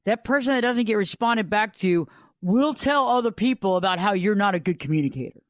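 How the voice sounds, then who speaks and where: A woman's voice: mid-range voice, lively intonation, a little fast, no echo. A woman host and life coach giving a conversational storytelling monologue on a radio show, driving her points home with repeated "think about it.".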